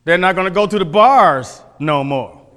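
Emphatic high-voiced male pastor. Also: moderate pace, fairly bright tone. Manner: emphatic, repeats phrases, asks the congregation questions. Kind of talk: sermon teaching from scripture. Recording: long hall reverb.

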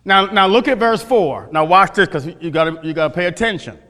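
A male pastor preaching with an emphatic, questioning style, repeating key phrases. His voice is high and bright. The sound carries a long reverb from a church hall. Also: expressive, fairly quick. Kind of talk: sermon teaching from scripture.

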